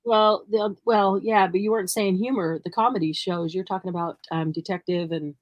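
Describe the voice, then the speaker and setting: A woman's voice: medium pitch, steady tone, moderate pace, dry recording, low-quality recording. A woman co-hosting a crafting livestream, chatting casually and laughing often as she works. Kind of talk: casual chat while crafting.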